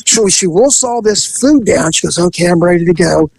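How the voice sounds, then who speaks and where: A podcast host spins a story in easygoing chat, slipping into other people's voices and laughing along the way. His voice sits high and gravelly, and the recording is dry and close. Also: normal speed, no room sound, poor audio. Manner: animated storyteller, acts out voices, laughs often. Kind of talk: casual storytelling.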